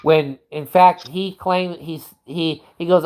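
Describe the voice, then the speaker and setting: A man's voice: on the high side, steady tone, slow, a little mellow. A man hosting a livestream, ranting in a profane, rambling way and restarting his sentences often. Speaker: livestream host. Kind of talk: casual livestream rant.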